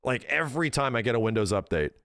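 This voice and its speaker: A man's voice: medium pitch, lively intonation, quick pace, a bit bright, dry recording, studio quality. A man in his thirties chatting casually to his stream viewers, ranting in an exasperated way and swearing often.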